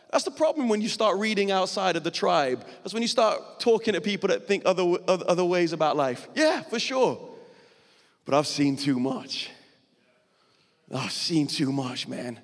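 Man, pastor, earnest emotional sermon, raised pitch, echoing church hall. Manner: earnest, conversational, emotional preaching.

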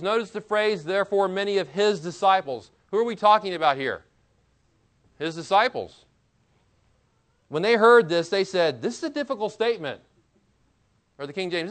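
A man's voice: on the high side, a bit bright. Man preaching a sermon. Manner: expository preaching, reads scripture aloud and comments; conversational asides, chuckles. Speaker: pastor.

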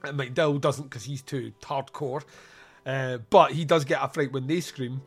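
This podcast host's voice is medium in pitch with fairly even intonation, a moderate pace and a breathy edge. Over soft background music, he casually reviews a film, laughing a lot and doing lines in silly voices.

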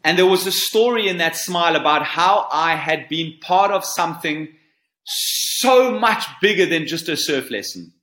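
Guest: earnest man in his 40s, bright tone, slightly high, roomy echo on the mic. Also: lively intonation, moderate pace. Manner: earnest, repeats words as he searches for them. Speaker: surf coach guest. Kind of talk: storytelling interview answer.

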